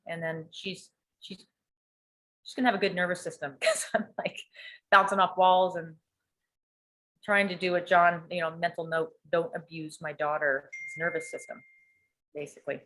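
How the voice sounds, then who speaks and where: A woman telling a candid family story in an animated way, swearing freely and acting out what people said. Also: fairly low pitch, moderate pace, pauses often. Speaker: coaching client sharing a story.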